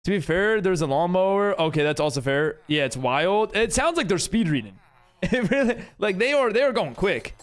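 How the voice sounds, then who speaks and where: Young man, streamer, high voice, bouncy expressive delivery, chatty, reacting to chat. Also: moderate pace. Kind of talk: live-stream chat while gaming.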